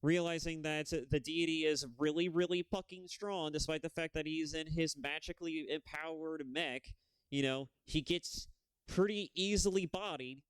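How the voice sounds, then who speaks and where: A young man rants on a casual gaming stream, profane and heated, his talk rambling from one point to the next. His voice sits a little high and sounds smooth and clean. The close mic catches it dry, with no room sound. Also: steady tone, normal speed, dry recording.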